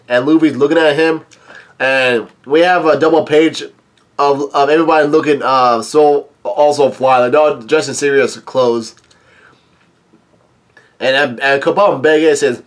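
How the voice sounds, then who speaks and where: A man casually reading through a comic chapter, with halting, stop-and-start delivery. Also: fairly high pitch, fairly even intonation. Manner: halting, many restarts and fillers. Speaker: comic reader and YouTube reviewer.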